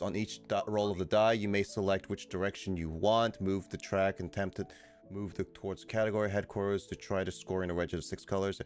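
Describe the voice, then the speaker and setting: A man streaming a board game with friends, reading the rules aloud haltingly and breaking off mid-word to restart. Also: lowish voice.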